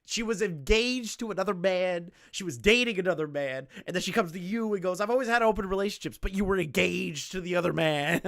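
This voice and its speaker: A man streaming a reaction to a clip, mocking it with loud, profane, incredulous outbursts. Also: sits high, fairly quick, gravelly, few pauses. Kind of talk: reaction commentary.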